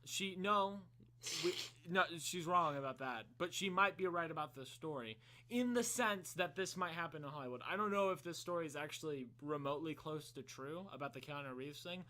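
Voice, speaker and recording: A man's voice: a little high, fairly quick, bright, forceful tone. A young man co-hosting a casual podcast, telling a rambling story full of "like" fillers. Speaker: podcast co-host. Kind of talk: casual chat.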